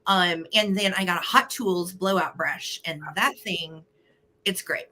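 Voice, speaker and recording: A woman's voice: fairly low pitch, measured pace, sharp tone. A woman hosting a live online vintage sale in casual chat, bubbly and greeting viewers by name.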